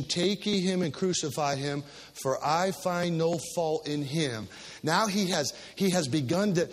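Give me a bright-toned male preacher, emphatic and dropping low for weight, echoing through a large church hall. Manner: call-and-response, emphatic, dropping low for gravity. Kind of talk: sermon with scripture reading. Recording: long hall reverb.

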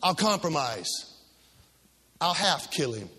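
Preacher acting out a fretful cowardly governor. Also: male voice, on the high side, very animated, takes it slowly, pushed and bright, breathy edge, voice pushed down, heavily acted. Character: anxious cowardly male Roman governor, torn. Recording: long hall reverb.

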